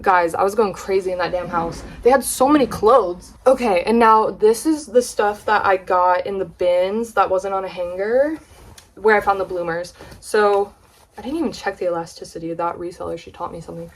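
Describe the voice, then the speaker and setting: A young woman from the United States, chatting excitedly in a casual haul vlog, gushing and swearing casually. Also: mid-range voice, moderate pace. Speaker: vlogger.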